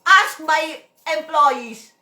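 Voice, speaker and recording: A woman's voice: sits high, animated, extremely slow, sharp tone, reverberant. A woman with a Filipino accent talking to camera in a rambling, emphatic vlog monologue, repeating herself and breaking into laughs. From Philippines. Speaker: vlogger.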